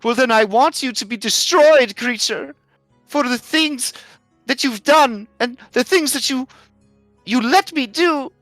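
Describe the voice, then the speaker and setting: Brief: a man doing an enraged freed captive woman, high and shrill, accusing. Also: animated, slow pace, long pauses, fairly bright tone, no room sound, faint music behind, full character voice. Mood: furious. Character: freed fae-bound woman captive, furious and horrified.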